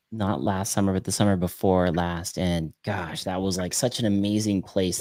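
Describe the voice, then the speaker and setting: A man's voice: deep voice, no room sound, clean studio sound. A man from California hosting a casual podcast chat, telling stories and laughing often. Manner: laughs often, lively storytelling. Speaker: podcast host.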